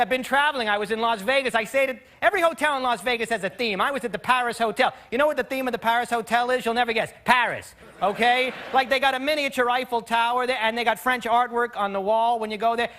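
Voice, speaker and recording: High-voiced man doing stand-up. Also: sharp tone. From United States. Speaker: stand-up comedian. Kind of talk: stand-up routine. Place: television studio stage before a live audience. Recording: broadcast stage mic with audience laughter.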